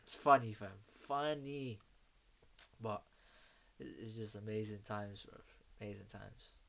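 A man's voice: on the low side, measured pace, creaky. A man telling stories in casual chat, full of slang and swearing. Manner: animated storyteller, heavy street slang and swearing.

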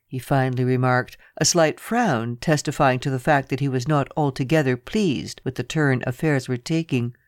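An audiobook narrator reading a first-person story in a measured, even way. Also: mid-range voice, no room sound, clean studio sound.

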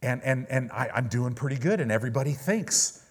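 A man's voice: medium pitch, animated, normal speed, slightly rough. A man preaching a sermon in a conversational style, with sudden emphatic peaks and prayers spoken aloud.

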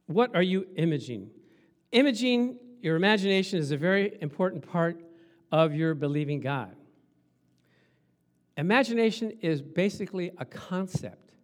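High-voiced animated preacher man. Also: normal speed, long pauses. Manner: animated, acts out Bible scenes, laughs often. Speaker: pastor. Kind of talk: sermon.

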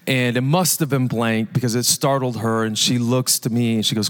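A man in his thirties giving a lively, conversational live sermon as pastor, joking and asking the congregation questions. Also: medium pitch, a little fast, few pauses. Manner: energetic, conversational preaching with jokes and audience questions. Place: large church hall. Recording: live church hall reverb.

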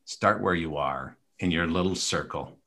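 A man's voice: sits low, measured pace, a bit bright. A man co-hosting a podcast, talking in an earnest, coaching way with many fillers and restarts. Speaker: podcast co-host. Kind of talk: casual conversational podcast talk.

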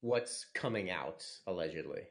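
A man's voice: low-pitched, lively intonation, normal speed. A man hosting a casual podcast, reading out listener questions and joking crudely between laughs. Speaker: podcast host.

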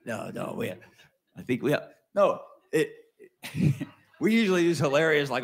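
Preacher with lively, swinging delivery. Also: male voice, creaky. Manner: conversational with wide swings in pitch and loudness, slows to stress key words. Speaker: pastor. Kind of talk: sermon.

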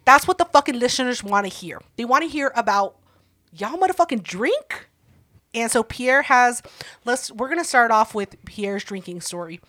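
A woman with a high, bright voice hosts a casual podcast. She teases her guest with quick, playful questions and swears freely. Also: sing-song. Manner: teasing, profane, quick interjections. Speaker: podcast host. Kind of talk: casual chat.

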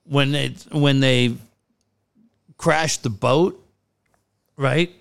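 Man, middle-aged, casual chat, rambling, mid pitch. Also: drawn-out words, gravelly, smooth. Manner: rambling, laughs easily. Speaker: guest.

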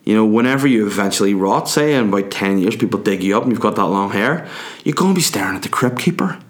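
A man's voice: on the low side, animated, fast talker. A young man, rambling through a crude comic monologue full of tangents. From Ireland.

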